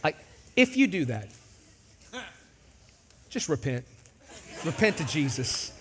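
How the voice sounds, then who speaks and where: A man preaching a sermon as pastor in a large church, animated and jokey, acting out voices. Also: fairly high pitch, slow pace, noisy background.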